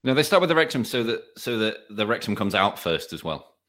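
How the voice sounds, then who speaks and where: A man's voice: fairly low pitch, sing-song, a little fast, a bit bright. A man with an English accent, a guest on a casual podcast chat, speaking from home with dry, self-deprecating humor. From England.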